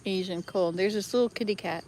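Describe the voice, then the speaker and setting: A woman's voice: medium pitch, brisk, darkish tone, slight background noise. An older woman chatting casually in a travel vlog, rambling and correcting herself as she goes, filming outdoors by a hut. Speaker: vlogger. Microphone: handheld camera.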